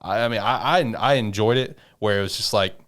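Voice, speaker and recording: A man co-hosting an anime podcast who swears freely and retells scenes in an animated way. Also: fairly low pitch, fairly quick. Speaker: podcast co-host. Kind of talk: casual anime recap chat.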